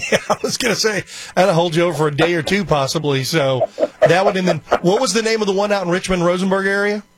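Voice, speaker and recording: Male call-in host, husky, slightly high, relaxed banter, dry studio sound. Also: quick pace, dry recording. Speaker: radio call-in show host. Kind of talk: casual call-in chat.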